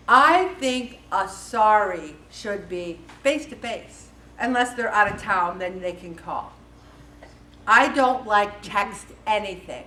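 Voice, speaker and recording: A woman's voice: mid-range voice, a little slow. A woman in her fifties leading a faith-based support group, talking casually and animatedly to the room. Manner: chatty and animated, acts out quoted voices. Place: meeting room. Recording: echoey room from far off.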